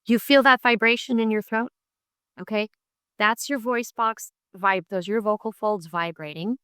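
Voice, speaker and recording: A middle-aged woman, a music therapy professor, giving an online lecture with vocal exercises in a clear, patient way, often checking in with "right?" and "okay?". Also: medium pitch, normal speed, bright, forceful tone, no echo, studio quality. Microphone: computer mic on a video call.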